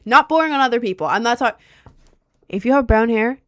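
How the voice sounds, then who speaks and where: This young woman from rural Maryland chats casually on a stream, fielding chat questions as they arrive. Her voice is a little high, animated, and a little fast, with a faint Southern lilt on some words. She rambles, laughs often, and leans on plenty of fillers.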